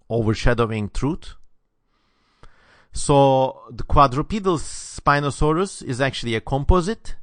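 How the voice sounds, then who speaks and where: A man with a Southeastern European accent, whose first language is not English, answers viewer questions in a lively, opinionated way, with sharp, sibilant consonants. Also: on the high side, no echo, studio quality. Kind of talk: casual Q&A monologue.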